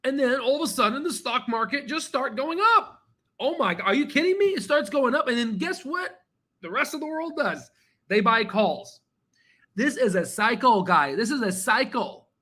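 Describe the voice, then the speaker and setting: A man hosting a stock trading channel, talking casually and excitably while going through charts, swearing now and then and repeating himself as he rambles. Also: extremely high pitch, normal speed. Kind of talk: casual screen-share market commentary.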